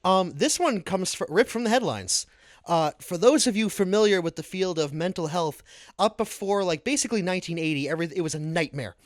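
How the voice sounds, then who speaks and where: New England man, podcast co-host, trivia asker; slightly high, dry close mic. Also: expressive, fairly quick, no room sound. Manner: quizzing, tells stories. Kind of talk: casual chat.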